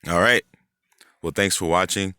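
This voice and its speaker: A man's voice: deep voice, normal speed, pushed and bright, smooth, dry recording. A man hosting his own vlog, talking in a loose, rambling monologue full of swearing, fillers and restarts. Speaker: channel host.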